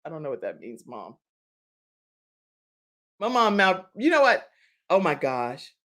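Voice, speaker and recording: A woman's voice: sits low, sing-song, unhurried, fairly bright tone. A woman in her forties hosting a live talk show, chatting and laughing as she reads out viewer comments.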